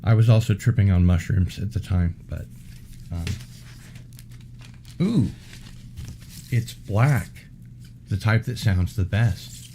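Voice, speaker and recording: A man hosting a casual unboxing video, talking in an unhurried way with wry asides. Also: on the low side, noisy background. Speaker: unboxing vlog host.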